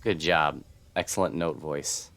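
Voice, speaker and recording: A very deep-voiced man chats while he plays a video game on stream. He is relaxed and jokes a lot. The talk is loose and casual. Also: unhurried, vocal fry. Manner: joking, relaxed. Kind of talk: casual gameplay chat.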